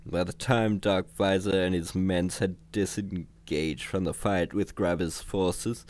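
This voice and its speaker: A man's voice: deep voice, steady tone, unhurried, a little mellow, no room sound. A man casually reading a comedy book aloud on a livestream, chuckling at the jokes in an unpolished delivery. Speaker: reader. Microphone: home computer mic on a livestream.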